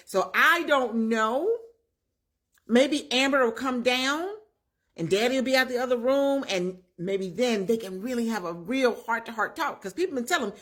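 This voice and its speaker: Chatty woman recapping skits to viewers. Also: a little high. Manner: animated storyteller who acts out the characters' lines; chatty, addresses viewers directly. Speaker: channel host recapping comedy skits. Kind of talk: casual recap and commentary.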